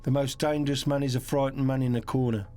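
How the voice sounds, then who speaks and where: A man giving scripted documentary narration in a measured, even delivery. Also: mid-range voice, soft background music.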